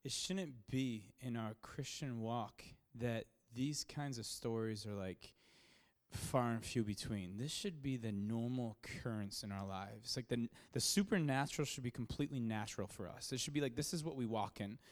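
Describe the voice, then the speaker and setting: A pastor telling a story from the pulpit in a loose, rambling way, full of fillers and restarts. He speaks with a mid-range man's voice. He gets louder and more excited as the story builds. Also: medium pitch, normal speed. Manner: grows louder and more excited at dramatic moments. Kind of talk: sermon storytelling.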